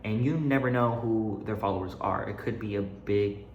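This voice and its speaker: A man's voice: lowish voice, normal speed, dull audio. A young man giving casual modeling advice while walking around a room, a little out of breath, chatty with loose restarts. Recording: echoey room, faint noise.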